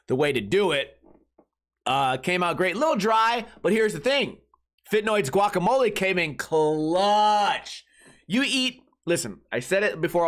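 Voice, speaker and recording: A man with a slightly high, somewhat bright voice hosts a comedy podcast. He casually tells rambling, crude, joke-filled stories about his weekend.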